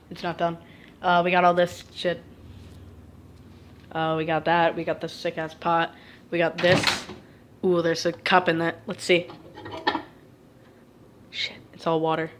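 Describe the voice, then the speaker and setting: A woman's voice: lowish voice, background noise. A woman vlogging in her home kitchen, filming on a phone in one hand, rambling and swearing to herself as she cooks. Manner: rambling, profane, muttering to herself. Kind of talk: casual self-filmed cooking vlog. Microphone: phone held in one hand.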